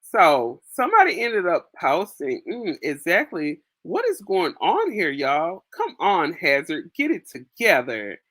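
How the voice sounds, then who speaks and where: A woman's voice: on the low side, huge pitch swings, measured pace, hardly any pauses, fairly bright tone, no echo. Laid-back woman chatting on a livestream. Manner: chatty, laughs often, slangy asides to viewers. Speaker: livestream host. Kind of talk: casual live chat reading viewer comments. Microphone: phone.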